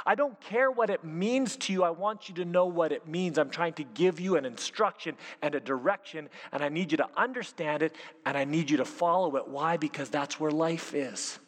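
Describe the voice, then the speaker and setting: A man preaching as a youth pastor, animated and full of rhetorical questions. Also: on the high side, moderate pace, few pauses. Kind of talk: sermon. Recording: long hall reverb.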